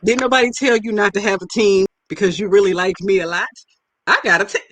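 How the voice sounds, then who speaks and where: A woman's voice: medium pitch, fairly even intonation, fast talker, fairly bright tone. A woman hosting a podcast in casual chat, playful and joking, talking straight to her listeners. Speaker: podcast host.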